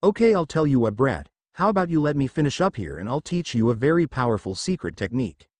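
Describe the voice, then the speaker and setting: A boastful old sage who loves the sound of his own voice, as a man reads him aloud. He blusters theatrically, with lively swings in pitch, in a dry, close recording. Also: fast, no room sound. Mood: coaxing. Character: lecherous old male toad sage mentor. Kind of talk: fan fiction audiobook reading.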